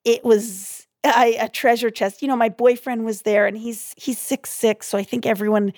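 A young woman, a guest comedian, telling stories in a chatty, animated way with many fillers. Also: fairly high pitch, moderate pace, no room sound, clean studio sound. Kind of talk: casual interview storytelling.

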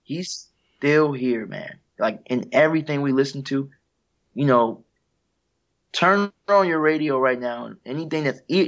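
A man, a guest musician, talking casually and reflectively in an interview, sharing heartfelt stories with an easy laugh. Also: medium pitch. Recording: dull lo-fi sound.

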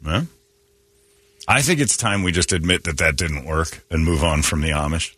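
A man's voice: rumbling low, sharp tone, slightly rough, no room sound. A man hosting a morning radio show, trading crude jokes and laughing often in casual banter. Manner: crude, joking, quick to laugh.

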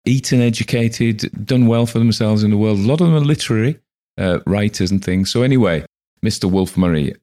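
A man hosts a story podcast in a very deep voice. He talks in a chatty, digressive, self-deprecating way, wandering from point to point. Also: darkish tone. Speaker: podcast host and reader. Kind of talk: casual chat.

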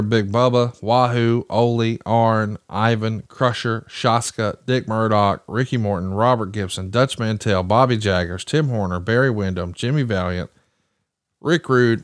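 A man's voice: lowish voice, dry recording, studio quality. A man in his forties co-hosting a casual chat and reciting facts with enthusiasm. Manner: enthusiastic, fact-listing. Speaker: podcast co-host.

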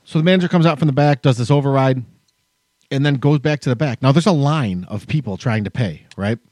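A man's voice: mid-range voice, brisk, darkish tone, no room sound. A man co-hosting a podcast, telling a long story as a heated, profane rant. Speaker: podcast co-host. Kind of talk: casual chat, storytelling rant.

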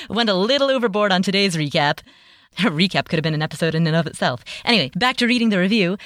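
A woman's voice: lowish voice, animated, fast talker, a bit bright, no room sound. A woman hosting a solo podcast from a home closet, chatty and enthusiastic, with carefully articulated speech. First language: Nepali. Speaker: podcast host. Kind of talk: solo podcast outro, reading listener reviews. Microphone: home studio mic in a closet.

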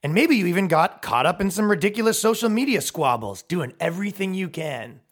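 A man's voice: sits high, animated, brisk. A man hosting a comedy podcast and ranting with mocking sarcasm and plenty of swearing.

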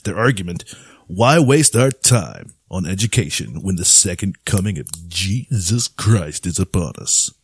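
A man putting on a newscaster voice, reading a story in a measured, deadpan way. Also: deep voice, slightly rough, no room sound, clean studio sound, heavily acted. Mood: mock-serious.

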